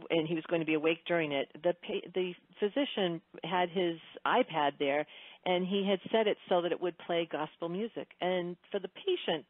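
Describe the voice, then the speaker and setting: Woman with a gravelly voice on a phone line. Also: lowish voice, no room sound. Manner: animated storyteller, acts out quotes. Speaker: guest speaker, customer-service trainer. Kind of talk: phone interview. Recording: tinny phone line, dry.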